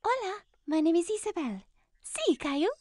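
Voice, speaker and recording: A woman voicing a playful, adventurous little girl in a cartoon, with a bright childlike voice. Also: extremely high pitch, big pitch swings, normal speed, no echo. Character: playful little girl who speaks Spanish.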